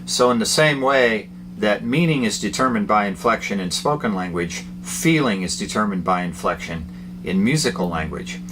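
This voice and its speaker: A man giving a guitar lesson, explaining ideas in a plain, unhurried way with fillers between phrases. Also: fairly low pitch, animated. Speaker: guitar teacher. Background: guitar playing between phrases.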